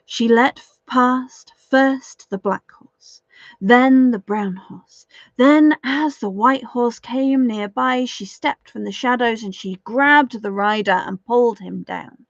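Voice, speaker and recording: A woman's voice: on the high side, slow, few pauses, dry recording. A woman storyteller telling a folk tale aloud, dramatic and lingering over repeated phrases. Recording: dull, dry lo-fi recording.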